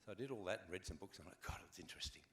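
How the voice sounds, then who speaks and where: A low-pitched older man with an Australian accent races along while a little hiss or hum sits under the recording. As a convention panel guest, this actor tells relaxed, wry anecdotes and acts them out with lots of animation.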